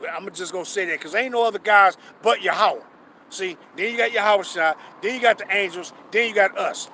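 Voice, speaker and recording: A man preaching outdoors, emphatic and profane, reading scripture slowly and asking rhetorical questions. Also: high-pitched, pushed and bright, a little hiss or hum. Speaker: street preacher. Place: outdoors on a city street.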